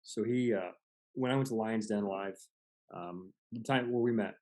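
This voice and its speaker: A man in his forties hosts a podcast in casual conversation, telling stories earnestly and swearing now and then. His voice is fairly low and a little mellow, at a normal speed.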